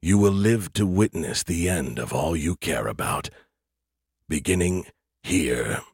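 A man voicing cold, menacing alien beings who speak in a slow, low, ominous monotone. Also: slightly rough, no room sound, studio quality, full character voice.

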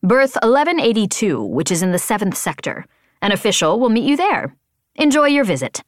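A woman voicing a calm, courteous alien patrol pilot who speaks formally. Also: mid-range voice, brisk, no echo, studio quality, lightly acted.

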